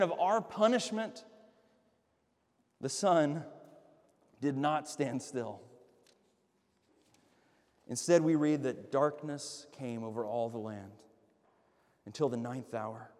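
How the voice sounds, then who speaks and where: A male pastor preaching an earnest sermon, swinging between loud emphatic lines and hushed, slow drops. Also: medium pitch, big-room sound.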